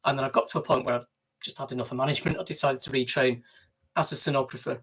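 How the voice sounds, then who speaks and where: A man's voice: medium pitch, fairly even intonation, rapid-fire, fairly bright tone, husky. A man with a Manchester accent co-hosting a casual live stream, reading out viewer questions and answering them chattily. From Manchester, England. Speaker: co-host. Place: narrowboat cabin.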